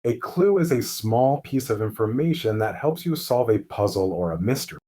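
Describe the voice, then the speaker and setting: A man narrating a mystery story slowly and clearly as host of a lesson for English learners. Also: mid-range voice. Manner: calm, clear, deliberate.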